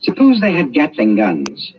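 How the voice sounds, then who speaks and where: An actor playing a young British colonial official who talks in a dry, probing, ironic way, in an old radio drama. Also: male voice, mid-range voice, wildly swooping pitch, measured pace. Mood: calm, probing. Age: young adult. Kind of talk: 1940s radio drama acting. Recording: dull lo-fi old radio recording, faint hiss.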